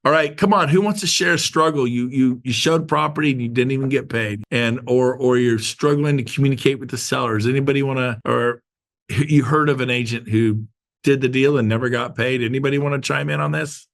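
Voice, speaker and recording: A middle-aged man with a gravelly, mid-pitched voice hosts an online real estate training call, coaching a group over video. He speaks briskly and emphatically, repeating his points and firing questions at his listeners.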